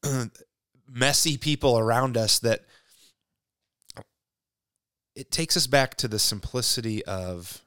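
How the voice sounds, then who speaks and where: A man talking about faith in a casual conversation, reflective and halting, often restarting his sentences. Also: medium pitch, fairly bright tone, clear, resonant tone, no room sound, studio quality.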